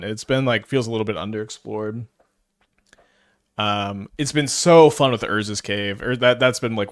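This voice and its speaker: A man's voice: medium pitch, dry recording, studio quality. A man giving casual live commentary while playing a card game, stuttering and restarting often as he thinks aloud. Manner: stutters, many restarts and fillers.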